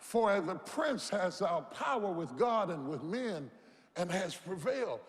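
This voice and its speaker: A man's voice: sits high, very animated, a little slow. A man preaching a sermon as pastor, impassioned and rhythmic, repeating lines and leading the crowd to say them back. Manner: impassioned, rhythmic preaching with repetition and call-and-response. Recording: long hall reverb.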